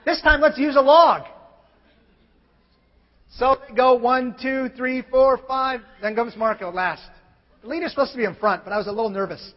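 A pastor preaching a sermon, telling a story in an animated way and acting out other people's lines, sometimes building up to shouts. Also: male voice, very high-pitched, a little fast. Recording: long hall reverb, dull lo-fi sound.

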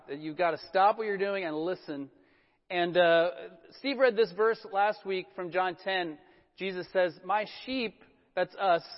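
Higher-voiced man preaching in a hall. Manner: relaxed, self-deprecating storytelling with many fillers. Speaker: pastor. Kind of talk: conversational sermon. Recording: dull sound with a long church-hall reverb.

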